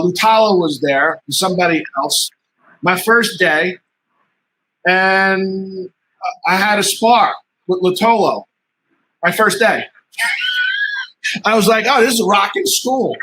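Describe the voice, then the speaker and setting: Lively, high-voiced man telling stories. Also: a little hiss or hum, rough recording. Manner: animated storyteller, laughs often, acts out quoted dialogue. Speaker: interview guest, martial artist. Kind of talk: casual storytelling interview.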